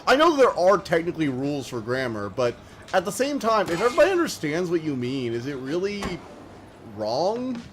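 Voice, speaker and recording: A man's voice: fairly high pitch, huge pitch swings, normal speed, background noise. Chatty American man streaming a game. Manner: chatty, rambling, lots of "like". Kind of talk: casual let's-play commentary.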